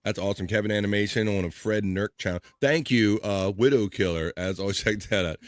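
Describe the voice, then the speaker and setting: A man's voice: fairly low pitch, animated, a little fast, hardly any pauses, fairly bright tone, dry recording, clean studio sound. A man hosting a live stream show, rambling and laughing as he comments on clips and thanks chat names.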